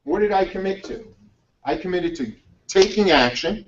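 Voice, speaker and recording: A man with a high voice gives an energetic, blunt motivational talk and swears freely. The sound is muffled and comes from a mic set well back. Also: normal speed, distant mic. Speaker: motivational speaker.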